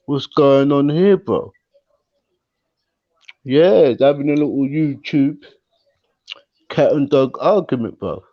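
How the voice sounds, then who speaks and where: A man's voice: mid-range voice, takes it slowly, pauses often. Laid-back man on muffled audio. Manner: laid-back, slangy, says "bro" a lot. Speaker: panel guest. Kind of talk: casual live-stream panel chat. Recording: slightly muffled call audio.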